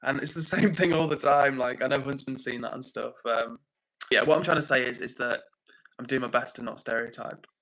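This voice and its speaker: A young British man hosting a livestream, chatting casually, reading out viewer comments and thanking people warmly. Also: medium pitch, a little fast, rough recording. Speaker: livestream host.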